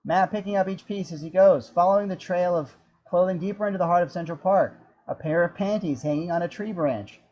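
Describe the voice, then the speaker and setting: A man narrating the action description of a screenplay in a steady, descriptive storytelling manner. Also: sits high, a little fast, highs cut off. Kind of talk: scripted narration.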